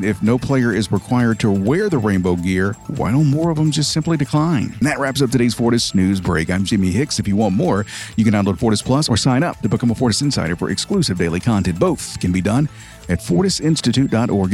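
A man's voice: fairly low pitch, darkish tone. A man reading a scripted news brief, with sardonic asides. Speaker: news anchor.

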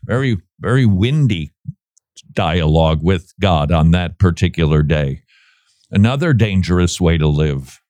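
A man talks with a sarcastic, joking edge and a lively, swinging pitch. He laughs often as he riffs with his co-host. The sound is close and dry. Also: measured pace, dry recording. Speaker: podcast co-host. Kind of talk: casual commentary.

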